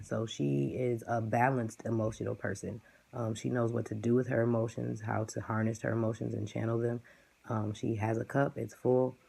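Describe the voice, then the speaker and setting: A man giving a casual tarot card reading to his viewers, talking in a relaxed, musing way and stringing phrases together. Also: mid-range voice, vocal fry, breathy edge. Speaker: tarot reader.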